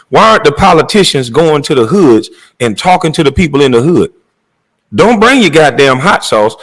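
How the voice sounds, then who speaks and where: A man's voice: on the high side, low-quality recording. A middle-aged man delivering a heated, blunt and profane monologue rant as a commentator.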